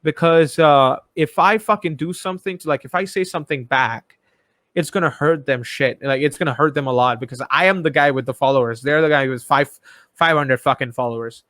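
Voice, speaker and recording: A man with an Indian accent hosting a casual live-stream interview, cursing freely and talking with animated emphasis. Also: a little fast, no room sound. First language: Bengali. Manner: heavy swearing, animated, mimics others in high voices. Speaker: host.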